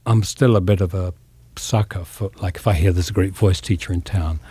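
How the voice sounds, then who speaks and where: Low, husky, reflective English man. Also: steady tone, warm tone, no room sound. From England. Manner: reflective, halting, many fillers. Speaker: actor, interview guest. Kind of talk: casual interview talk.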